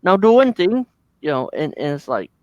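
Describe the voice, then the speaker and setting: A man plays an insistent call-center worker who keeps repeating his orders. The voice sits high above the man's own and comes out loud and pressing. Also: big pitch swings, normal speed, no echo, lo-fi sound. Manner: pushy, repetitive instructions. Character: male call-center tech support worker.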